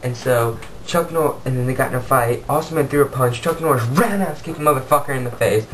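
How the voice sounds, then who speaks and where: A man's voice: mid-range voice, quick pace, fairly bright tone, slight background noise, poor audio. A man telling an improvised comic story in a rambling, goofy, off-the-cuff way.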